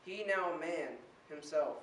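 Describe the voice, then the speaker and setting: A man's voice: fairly high pitch, animated, unhurried, a bit bright. Teen boy performing slam poetry. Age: teens. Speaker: slam poet. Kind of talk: spoken word poetry performance. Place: indoor performance room. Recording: roomy, distant mic with faint hiss.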